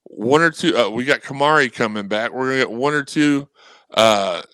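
A man chatting casually on a sports podcast, animated and rambling, acting out messages from fans. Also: mid-range voice, normal speed, no room sound, rough recording. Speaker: guest co-host.

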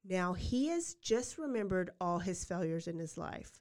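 A woman's voice: on the low side, moderate pace. Chatty woman telling a true-crime story. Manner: animated, slangy, recounts the case blow by blow. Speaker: podcast co-host.

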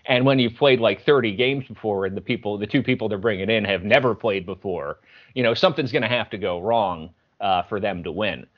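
A man's voice: on the low side, brisk. A man from the Philadelphia area, a game show champion, chatting casually in an interview, self-deprecating and full of fillers. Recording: lo-fi muffled audio.

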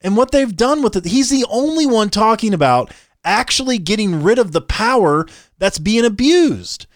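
A man co-hosting a political commentary show, talking in an animated, incredulous and joking way. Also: high-pitched, moderate pace, dry recording, studio quality. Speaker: podcast co-host.

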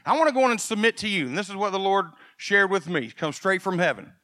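A male pastor preaching a sermon, animated and swinging from quiet folksy asides to loud emphasis. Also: high voice, quick pace, no room sound, studio quality.

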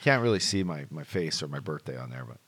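A man in his late thirties with a very deep voice that swings widely in pitch as he talks. He co-hosts a podcast in easy, rambling chat, swearing freely as he tells stories into a studio mic. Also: sing-song, fast, fairly bright tone, breathy edge. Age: 30s. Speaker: podcast co-host. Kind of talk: casual chat.

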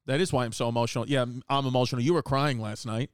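A man hosting a casual comedy show from his living room, rambling and joking with quick asides. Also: mid-range voice, fairly even intonation, smooth, dry recording. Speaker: podcast host.

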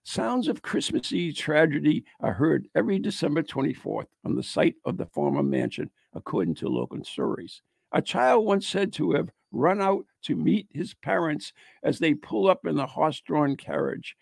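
A man's voice: fairly high pitch, wildly swooping pitch, moderate pace, gravelly, slightly rough, no echo. A man co-hosting a podcast, casually reading ghost stories aloud with joking, mock-grim asides. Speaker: podcast co-host.

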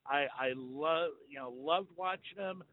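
A man's voice: a little high, unhurried. An American man from the United States, a sports guest telling an earnest story and stumbling on repeated words. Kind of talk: remote interview chat. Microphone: phone. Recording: tinny phone line with faint noise.

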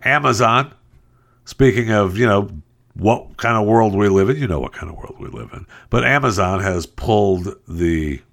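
A male talk host with a fairly low voice riffs on the day's news. He is sarcastic and exasperated, jumping up into mocking high notes and dropping back to a grumble. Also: normal speed, gravelly, a bit bright. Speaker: radio show host. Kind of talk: opinionated news commentary.

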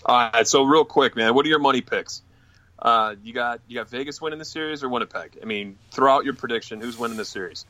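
Bright-voiced joking man, dry sound. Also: medium pitch, fast, no echo. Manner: relaxed, joking, chatty. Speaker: podcast host. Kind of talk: casual sports talk.

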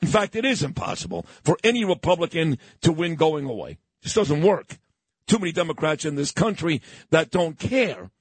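A man hosting a morning talk radio show, loud, combative and ranting. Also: fairly high pitch, big pitch swings, normal speed, slightly rough, no room sound. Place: radio studio.

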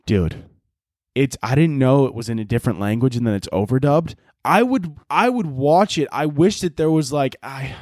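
A man's voice: medium pitch, dry recording, studio quality. A man hosting a podcast, ranting casually with lots of swearing and rambling restarts. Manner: rambling, profane, animated. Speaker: podcast host. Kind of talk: casual comedic rant.

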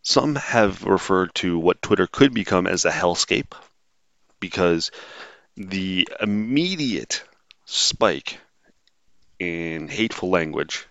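A man's voice: sits low, lively intonation, slow pace, gravelly, pauses often, fairly bright tone, dry recording, dull audio. A man hosting a solo podcast, talking in a blunt, sarcastic, rambling way with lots of fillers. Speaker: podcast host.

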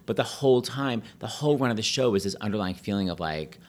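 A quick-talking middle-aged man with a fairly low voice, chatting casually. He tells his stories with lots of energy and jumps up into high, put-on voices to quote people. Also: animated, a little mellow. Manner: talks fast, breaks into high put-on voices when quoting people. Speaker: podcast guest, pianist and Broadway host. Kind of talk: casual chat, animated storytelling.

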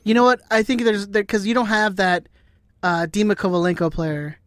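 A man co-hosting a casual sports podcast with quick, playful banter. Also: sits high, fairly even intonation, a bit bright, clean tone, dry recording, clean studio sound. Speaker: podcast co-host.

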